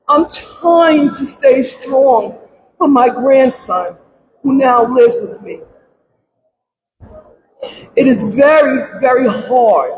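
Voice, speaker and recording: A middle-aged woman giving emotional public testimony at a press conference about her grief, pleading through tears and at times breaking into shouts. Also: high-pitched, rough recording. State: grief-stricken, close to crying. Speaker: grieving mother giving testimony. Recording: crowd noise at a press event.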